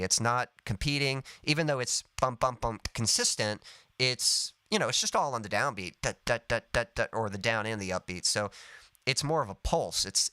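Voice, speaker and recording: A man's voice: on the low side, pushed and bright, smooth, no room sound. A man teaching songwriting in a live lesson, explaining step by step in an easygoing way with lots of "sort of" and "kind of.". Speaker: songwriting coach.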